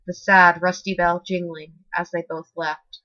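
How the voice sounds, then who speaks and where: A woman reading a horror story as scripted narration in a steady, expressive way, in a slightly muffled dry recording. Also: lowish voice, a little slow, no room sound.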